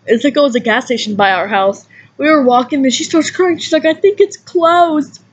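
A young woman vlogging a story from her night in a casual, animated way, acting out what people said and swearing freely. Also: fairly high pitch, brisk, a little hiss or hum. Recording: dull lo-fi home recording.

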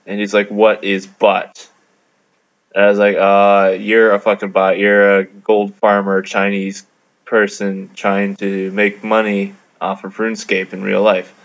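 A man from Canada tells a gaming story in a low, gravelly voice that barely rises or falls, amused and loose with his fillers. It sounds like a dull, lo-fi mic recording. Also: monotone, unhurried. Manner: laid-back, amused, many fillers. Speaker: gamer narrating a video. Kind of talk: casual storytelling over gameplay.

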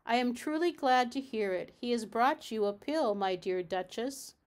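A brisk, motherly cat hostess who fusses kindly over her guest, voiced by a woman reading a storybook aloud. The pitch sits a little above the middle. It is a gentle animal storybook. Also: expressive, lightly acted.

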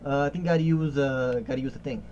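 A man's voice: medium pitch, steady tone, quick pace, a little mellow, slight background noise. Jokey man in a lo-fi game chat. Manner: jokey, laughs often. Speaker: let's play co-commentator. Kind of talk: casual gaming chat.

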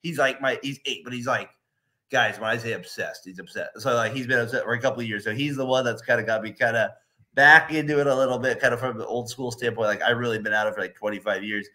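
A man's voice: medium pitch, quick pace, bright, forceful tone. A man in his late thirties, a podcast co-host and teacher, telling rambling stories in casual chat with plenty of fillers. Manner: rambling storytelling with laughs and fillers.

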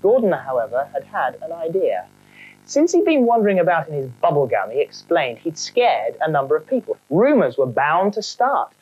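A woman with a low voice reads a children's story. Her pitch jumps around a lot, and her tone stays wry and animated through the narration. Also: moderate pace, highs cut off.

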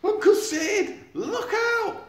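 A panicked young boy in a storybook adventure, put on by a man reading aloud, his voice shooting far up into high, strained yelps. The cries jump about wildly in pitch and echo around a roomy space. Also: expressive, measured pace, exaggerated voice. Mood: frantic. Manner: high yelping shouts. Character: young boy, desperate and breathless.

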